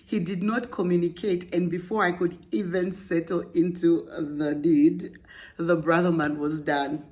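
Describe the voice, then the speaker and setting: A woman's voice: lowish voice, fairly even intonation, a little slow, darkish tone. A young woman hosting a podcast, reading a listener's story aloud and breaking off with playful, laughing, teasing asides. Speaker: podcast host.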